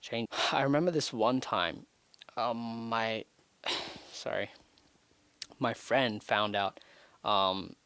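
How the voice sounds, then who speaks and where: A man's voice: mid-range voice, fairly even intonation, slow pace, long pauses, sharp tone, smooth, no echo. A teenage boy rambling through a frustrated personal rant, his voice rising in sudden outbursts. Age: teens. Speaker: vlogger. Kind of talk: emotional rant to camera.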